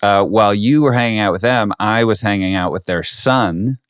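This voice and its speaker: A man's voice: fairly low pitch, moderate pace, clean tone, dry recording, studio quality. A middle-aged man co-hosting a podcast, talking casually and bluntly and telling stories. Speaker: podcast co-host. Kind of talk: casual chat.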